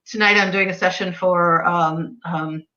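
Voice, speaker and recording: A woman's voice: lowish voice, steady tone, a little slow, sharp tone, lo-fi sound. A woman working as an animal communicator, chatting casually and acting out the voices of the people in her stories. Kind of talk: casual chat.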